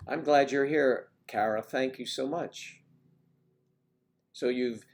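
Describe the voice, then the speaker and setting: At a slow pace and medium pitch, a man hosts a relaxed livestream, rambling and reading the chat as he talks to viewers by name.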